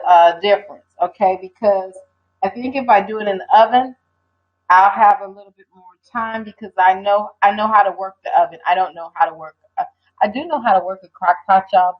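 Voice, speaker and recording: An older woman hosting a casual livestream, talking in a rambling, hesitant way and answering viewers. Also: medium pitch. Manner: rambling, hesitant, reads viewer comments aloud. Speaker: livestream host. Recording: dull lo-fi stream audio.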